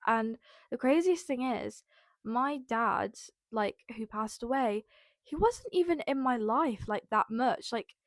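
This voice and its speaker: A woman's voice: a little high, no room sound. Young woman rambling on her podcast, lots of "like" and "um", close dry mic, kinda teary. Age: young adult. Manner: rambling, many fillers. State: emotional, near tears. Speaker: podcast host. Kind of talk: casual personal podcast monologue.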